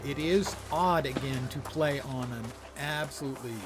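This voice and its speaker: A man's voice: mid-range voice, moderate pace. An older man chatting wryly to his viewers while he plays a game. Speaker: game streamer. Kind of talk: casual gameplay commentary. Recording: loud game music behind. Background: game music.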